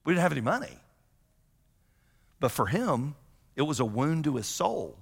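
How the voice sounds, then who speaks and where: A man preaching a sermon as a pastor, conversational and animated, often acting out the voices of the people he quotes. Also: fairly high pitch, normal speed, gravelly, slightly rough. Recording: long hall reverb.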